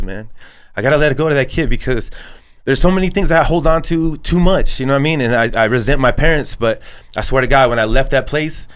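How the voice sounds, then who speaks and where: A man's voice: mid-range voice, fairly bright tone, smooth. A man from El Paso, a barber and business owner, talking as a guest in a casual podcast chat. He tells his story earnestly, swears a lot and fills gaps with "you know what I mean". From El Paso, Texas. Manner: earnest, heavy swearing, many fillers.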